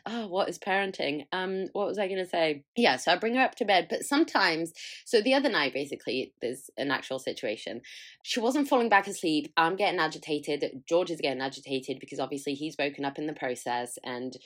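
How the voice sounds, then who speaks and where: A woman's voice: low voice, animated, fairly quick. A young woman hosting a podcast, chatting candidly with a frank, sweary, self-mocking manner and frequent laughter. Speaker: podcast host. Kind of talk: candid solo chat.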